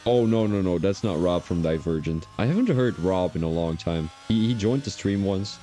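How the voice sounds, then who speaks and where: A man's voice: deep voice, moderate pace, dark tone, faint music behind. A man commentating a sim racing league qualifying session on a live stream, chatty and drifting into rambling personal asides between the lap calls.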